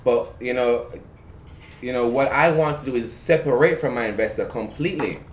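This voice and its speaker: A man's voice: mid-range voice, moderate pace, slight background noise. A man from Jamaica, a guest entrepreneur, telling a story in casual chat, with lots of swearing, emphasis and repeated phrases. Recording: roomy, muffled recording.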